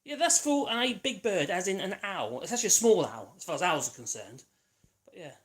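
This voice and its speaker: A man's voice: sits high, big pitch swings, brisk, fairly bright tone, roomy sound, distant mic. A man chatting casually on a radio mic while he builds something, rambling and cracking jokes. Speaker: vlogger. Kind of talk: casual chat while woodworking.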